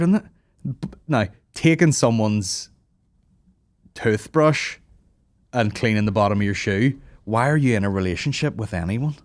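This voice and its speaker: A man, hosting a comedy podcast in a profane rant, mocking people in loud put-on voices. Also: on the low side, no echo. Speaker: podcast host.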